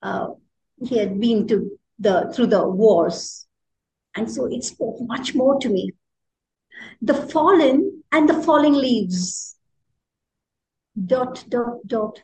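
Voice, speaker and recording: A middle-aged woman with an Indian accent, a poet leading a workshop, explaining with expressive emphasis and often repeating words for stress. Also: fairly high pitch, slow pace, long pauses, poor audio. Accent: Indian English. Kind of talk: workshop teaching.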